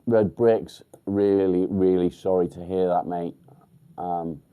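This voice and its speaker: An English man hosting a casual livestream, chatting bluntly with viewers, swearing freely and filling pauses with ums. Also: low-pitched, fairly even intonation, clean tone, narrow, tinny audio. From England. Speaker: livestream host. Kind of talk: casual live chat with viewers. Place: outdoors by a field.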